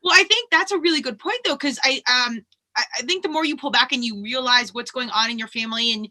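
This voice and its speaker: A woman hosting a podcast in casual chat, bubbly and quick, with lots of "like" fillers. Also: high-pitched, sharp tone. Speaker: podcast host.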